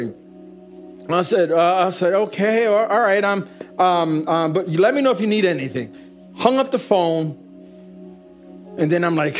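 A middle-aged male pastor preaching with a fairly high voice, leaning on repeated phrases and calls to the congregation. Soft music plays faintly behind him. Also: animated, normal speed, long pauses. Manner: call-and-response preaching, repetitive emphatic phrasing. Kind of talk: sermon.

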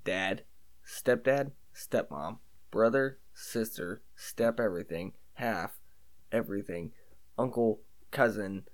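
A man's voice: fairly low pitch, slow. Wisecracking man riffing in crude banter. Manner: joking, wisecracking, list-like riffs.

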